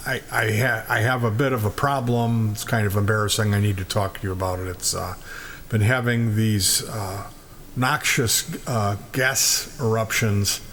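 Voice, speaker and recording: A fussy elderly man, embarrassed and groping for his words, as a man puts him on in a joke. He halts with long fillers, and the voice dips a bit lower than the teller's own. Faint background noise hangs in the room. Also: steady tone, a bit bright, natural voice. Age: older. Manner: halting, with many uh fillers.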